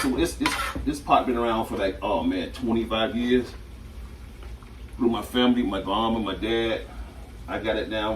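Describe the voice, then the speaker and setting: A man hosting a casual home cooking video, talking in a relaxed, repetitive way as he works. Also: lowish voice, echoey room, noisy background. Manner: chatty and relaxed, repeats himself often. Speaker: home cook and channel host. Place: home kitchen at the stove. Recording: distant mic with loud sizzling from the pan.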